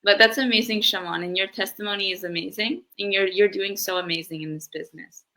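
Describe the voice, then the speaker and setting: Bright young woman, upbeat. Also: medium pitch, fairly even intonation, fast, rough recording. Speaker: stand-in co-host. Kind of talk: casual chat.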